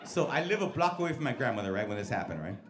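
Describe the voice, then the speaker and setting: A man doing a stand-up set in a comedy club, telling stories loudly and profanely with lots of crowd work and put-on voices. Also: mid-range voice, rapid-fire. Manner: loud, profane, animated storytelling with put-on voices. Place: comedy club stage with live audience. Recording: live club recording with crowd noise.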